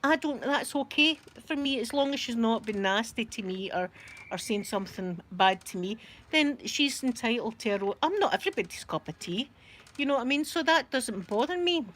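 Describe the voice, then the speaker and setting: A woman's voice: on the high side, animated, normal speed, fairly bright tone, a little hiss or hum. A Scottish woman chatting casually to a live audience from her rocking chair at home, rambling and laughing often. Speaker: YouTube live streamer.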